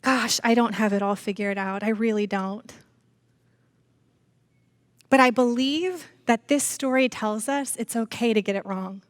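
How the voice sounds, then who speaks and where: Middle-aged woman preacher, animated sermon storyteller, slightly high voice, dry close mic. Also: a little slow, no echo. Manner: animated storytelling, addresses congregation as y'all. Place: church.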